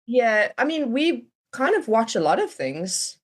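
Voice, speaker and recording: A woman's voice: on the high side, big pitch swings, unhurried. A young adult woman chatting as a podcast guest, rambling and laughing often. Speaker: podcast guest, fanfic author. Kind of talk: casual chat.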